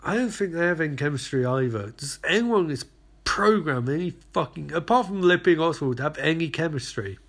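A man's voice: on the high side, expressive, a little fast, a bit bright. A man recapping a TV show in sarcastic, profane commentary full of rambling asides.

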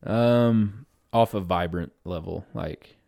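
A man's voice: sits low, takes it slowly, gravelly, dark tone, no echo, clean studio sound. A young man in a casual podcast chat, loose and joking, laughing at his own lines. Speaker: podcast co-host.

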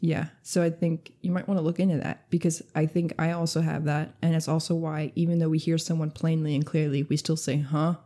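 Animated woman podcast cohost, low warm voice. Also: brisk, hardly any pauses. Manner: animated storyteller, acts out quotes. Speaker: podcast co-host. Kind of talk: casual chat.

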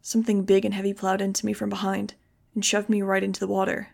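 A woman reading a novel aloud in the first person, with steady, expressive storytelling. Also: mid-range voice, fast talker, creaky. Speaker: audiobook reader.

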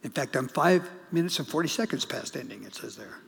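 A middle-aged man, a guest pastor, preaching a sermon as a story, swinging from urgent bursts to hushed, whispered lines. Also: mid-range voice, lively intonation, a little fast, creaky, long reverb tail, slight background noise. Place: church sanctuary.

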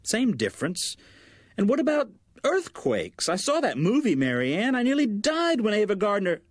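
A woman's voice: mid-range voice, huge pitch swings, normal speed, dry recording, pitched above the performer's own voice. A fussy, worried middle-aged mother frets and pleads in a raised, anxious voice, as a male narrator puts her on. The audiobook recording is dry and close. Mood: fretful. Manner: fretful, pleading, easily tearful.

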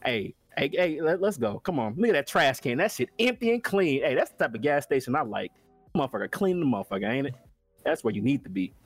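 A young man with a Southern US accent, joking crudely and excitedly in a casual reaction chat, saying "hey" over and over. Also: mid-range voice, fast talker, no room sound, faint music behind. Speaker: reaction panelist.

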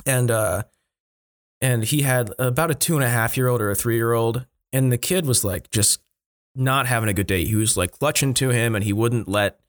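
A man's voice: medium pitch, normal speed. Easygoing man hosting a podcast. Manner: relaxed, laughs while telling anecdotes; frequent likes and restarts. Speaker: podcast host. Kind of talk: casual podcast interview.

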